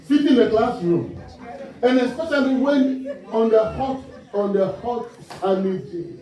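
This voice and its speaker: A man from Ghana preaching a sermon in an animated way, asking the congregation call-and-response questions and laughing along with his own stories. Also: extremely high pitch, unhurried. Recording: distant mic in a reverberant church hall, muffled.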